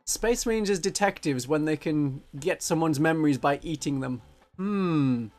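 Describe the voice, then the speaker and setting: A man's voice: a little high, lively intonation, normal speed, darkish tone, soft background music. A man chatting casually on a livestream, joking and now and then slipping into silly voices. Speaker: streamer.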